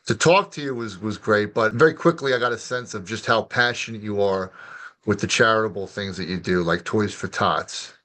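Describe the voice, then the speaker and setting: A male podcast host asking questions in casual conversation, quick to laugh. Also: on the low side, bright, forceful tone. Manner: laughs easily, brief prompts. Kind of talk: casual interview.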